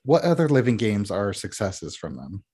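A man co-hosting a podcast in casual chat, tossing in quick questions and dry asides. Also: lowish voice, very animated, mellow, slightly rough. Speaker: podcast co-host.

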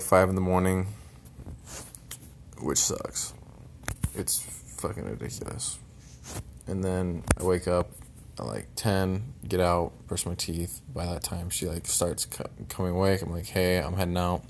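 A young man venting in a personal vlog, frustrated and bitter, swearing constantly and sometimes trailing off into low mutters. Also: vocal fry, slight background noise.

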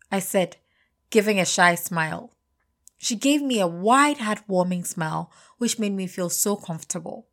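A young adult woman narrating a first-person story in an expressive, confiding way. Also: fairly low pitch, moderate pace.

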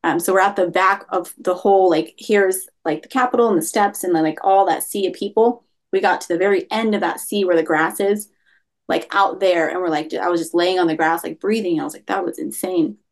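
A woman's voice: on the low side, fairly even intonation, fairly quick. A young adult woman telling her story as an interview guest, rambling and leaning heavily on the word "like.". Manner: rambling, heavy use of "like" fillers. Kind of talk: casual storytelling.

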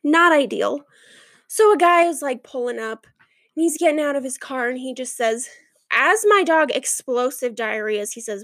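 A young adult woman hosting a podcast, chatting and ranting in a lively, animated way. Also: sits high, moderate pace, no room sound. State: out of breath. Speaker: podcast host. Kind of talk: casual chat.

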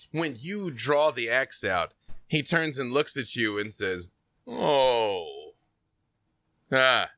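Deliberate male game master. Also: mid-range voice, dry recording. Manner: calm, deliberate narration with playful asides. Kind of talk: narrating a tabletop game.

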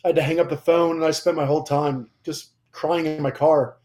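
Man, young adult, slightly high voice, emotional personal testimony, rambling, lots of fillers. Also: steady tone, a little fast, dark tone. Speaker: guest. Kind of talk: personal testimony in casual conversation.

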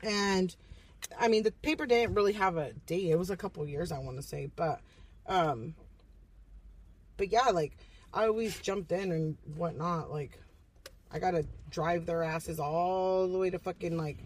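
A woman's voice: on the low side, unhurried, far from the mic, a little hiss or hum, poor audio. A woman guesting on a podcast, telling stories casually and bluntly, swearing heavily and slipping into Spanish. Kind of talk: casual, profane storytelling.

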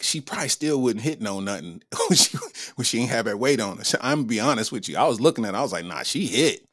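A man's voice: medium pitch, no echo, clean studio sound. A man hosting a comedy podcast, talking in loose slang with frequent laughter and an irreverent tone. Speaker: podcast host. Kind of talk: casual comedic commentary.

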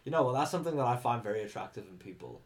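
A man's voice: mid-range voice, expressive, racing. A young man co-hosting a podcast, chatting casually, joking and swearing freely. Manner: jokey, swears freely, slips into mock accents. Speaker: podcast co-host.

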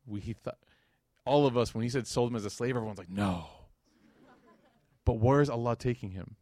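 A man's voice: mid-range voice, fast, dry recording. A man giving a casual religious lecture, telling a story and acting out the dialogue with slangy asides. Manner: animated, acts out quoted dialogue.

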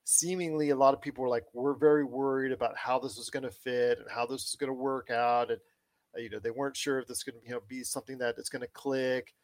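A man co-hosting a casual pop-culture podcast, talking with animated, enthusiastic swings in his voice. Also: medium pitch, quick pace. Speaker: podcast co-host.

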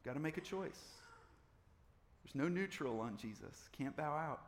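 A man's voice: a little high, animated, unhurried, long reverb tail. A man preaching a sermon, repeating phrases and building up in intensity. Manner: preaching with swelling intensity and repetition. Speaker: pastor.

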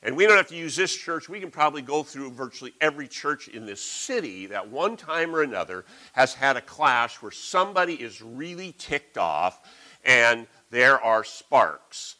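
Middle-aged male preacher, folksy, animated, bright tone. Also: medium pitch, normal speed, rough recording. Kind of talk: sermon.

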